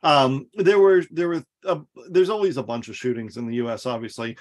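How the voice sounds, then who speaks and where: A man's voice: mid-range voice, steady tone, a little fast. A man co-hosting a podcast, chatting casually and sarcastically about politics and swearing freely. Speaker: podcast co-host.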